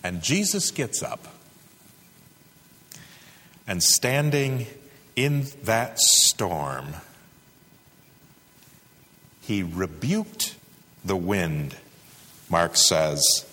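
Male preacher, unhurried, bright and expressive, echoing sanctuary. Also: low voice. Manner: slow, dramatic preaching with sudden loud rises and hushed drops. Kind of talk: sermon. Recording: reverberant hall.

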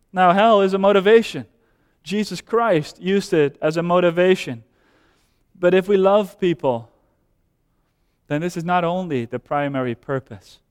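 A man preaching a sermon as pastor, whose first language is Dutch, emphatic and repetitive, rising loud and falling soft. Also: smooth. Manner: emphatic, repeats phrases, drops to soft low voice then rises. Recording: long hall reverb.

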